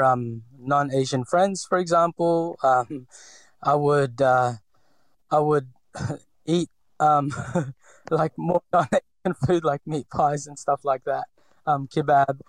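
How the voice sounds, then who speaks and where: In a reflective personal interview, a man in his forties from the Philippines recounts his story haltingly, full of fillers and restarts, with a slight Filipino accent. He speaks slowly at a fairly high pitch, on a dry, low-quality recording.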